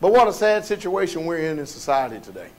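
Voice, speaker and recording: A male pastor preaching a sermon in a colloquial, folksy way, firing off rhetorical questions and sometimes rising to shouts. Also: a little high, big pitch swings, fast.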